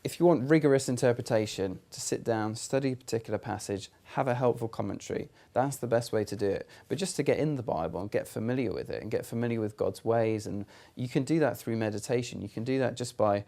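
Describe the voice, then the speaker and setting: A man's voice: medium pitch, fast talker, vocal fry, few pauses, warm tone. A young man with a British accent, explaining ideas in an earnest, conversational way, with fillers and restarts. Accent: British English. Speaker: youth church speaker. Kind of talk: casual explanatory talk to camera.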